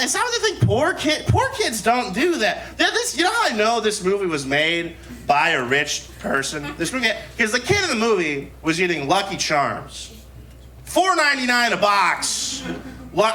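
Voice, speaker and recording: A man's voice: high voice, very animated, normal speed, sharp tone. A man in his twenties from Newark doing a loose, laughing stand-up set with playful swearing. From Newark, New Jersey. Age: 20s. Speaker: stand-up comedian. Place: live comedy venue.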